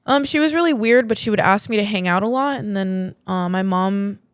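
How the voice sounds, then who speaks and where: A young woman chats on a podcast, winding through a story with a steady stream of fillers. Her voice is smooth and clear at a middling pitch. The sound is dry and close. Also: fairly quick, dry recording. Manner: rambling storyteller, many "like" fillers. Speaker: podcast co-host. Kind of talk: casual chat.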